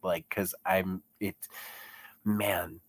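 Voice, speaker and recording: With a deep, level voice and an extremely slow delivery, a young YouTuber reads comments during a casual commentary vlog. Congested in the chest and sick, he keeps chuckling and rambles, filling gaps with fillers.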